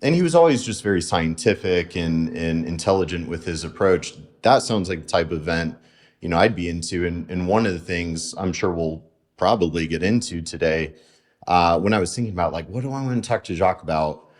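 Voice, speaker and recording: A man's voice: sits low, lively intonation, a little fast. A man hosting a podcast, chatting casually in a laid-back way, full of "like" and "you know.". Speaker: podcast host. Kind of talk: casual interview chat.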